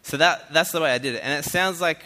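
An Australian man gives a playful, humorous stage talk to an audience in a large, echoey hall. His voice is fairly high, fast, and sharp in tone.

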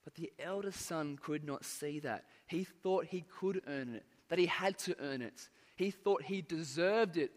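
A man preaching a sermon, earnest and measured, pressing words for emphasis and letting phrase endings fall away. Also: on the high side. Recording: long hall reverb.

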